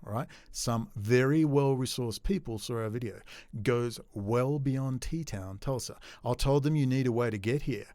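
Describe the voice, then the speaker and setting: A man's voice: medium pitch, normal speed, dry recording. Sarcastic, ranting man, dry close sound. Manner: sarcastic, swings from muttering to loud mocking outbursts. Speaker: commentary host. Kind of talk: ranting solo commentary.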